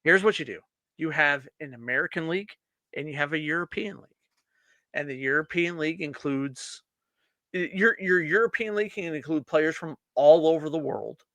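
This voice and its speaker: A man's voice: a little high, normal speed, fairly bright tone, no echo. A man co-hosting a casual beer-drinking podcast chat, riffing emphatically and profanely. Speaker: podcast co-host.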